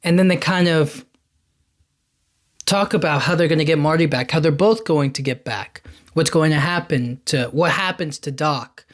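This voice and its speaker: A man hosting a podcast, casually retelling a film's plot in a rambling, enthusiastic way, slipping into quick quoted lines. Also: on the high side. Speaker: podcast host. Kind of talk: casual movie recap.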